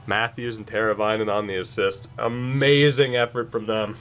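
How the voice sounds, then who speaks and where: A man giving casual commentary over his own video game match, tired and sarcastic, breaking into sudden excited outbursts. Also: lowish voice, moderate pace, hardly any pauses, smooth. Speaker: gaming YouTuber.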